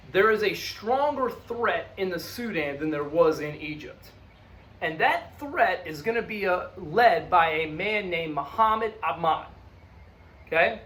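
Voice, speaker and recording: A man's voice: sits high, fairly bright tone. A male history teacher giving a conversational lecture, checking in often with "okay?" and "look". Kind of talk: classroom lecture.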